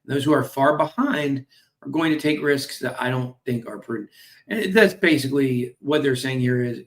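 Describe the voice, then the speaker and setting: On a streaming mic, a male crypto host with a medium-pitched voice talks at normal speed. He casually goes through company news with jokey remarks, filler words and apologies, sounding somewhat tired and yawning.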